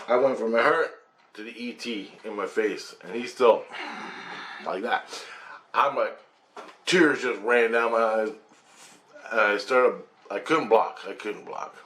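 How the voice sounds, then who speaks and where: A man's voice: on the low side, slow, long pauses, a bit bright. A man intensely recounting a personal experience, emphatic, swearing and making sound effects as he tells it. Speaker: storyteller. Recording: roomy sound with faint background noise.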